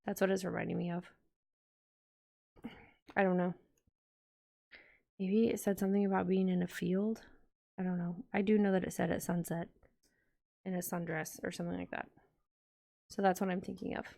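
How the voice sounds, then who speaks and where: A woman's voice: on the low side, little pitch movement, normal speed, vocal fry, pauses often, warm tone. A woman vlogger chatting casually to her viewers while decorating a planner, rambling and talking straight to the audience. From United States.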